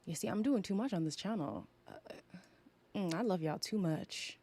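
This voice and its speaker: Mellow and medium-pitched, her voice has lively intonation and a moderate pace. The young Canadian woman is reviewing a reality show in a casual live-stream chat, delivering sassy, dramatic teasing with frequent laughter.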